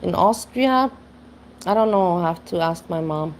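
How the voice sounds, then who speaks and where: Woman host chatting over a clip, kinda low voice, wandering musing tone. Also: animated, moderate pace, a little hiss or hum. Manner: musing, rambling, chuckles at her own jokes. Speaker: reaction channel host. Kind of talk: casual reaction commentary.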